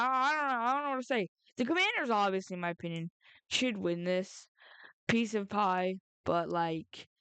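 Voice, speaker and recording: Woman, casual sports vlogger, smooth and fairly high, dry close sound, rambling with lots of restarts. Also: dry recording. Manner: rambling, halting, frequent restarts and self-corrections; excitable, jumps up in pitch when outraged.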